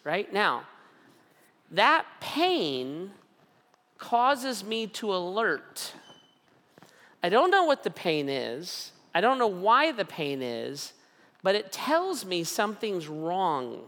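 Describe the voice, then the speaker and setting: Middle-aged man, pastor, conversational sermon, repeats key points slowly, long hall reverb. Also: high voice, very animated, pushed and bright. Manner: conversational preaching, frequent "right?" and "okay?" checks.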